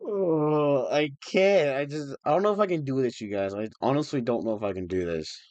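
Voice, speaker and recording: A man's voice: medium pitch, a little fast, darkish tone, no room sound, muffled recording. A young man chatting on a livestream, emotional and rambling, restarting his sentences often. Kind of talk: casual livestream chat.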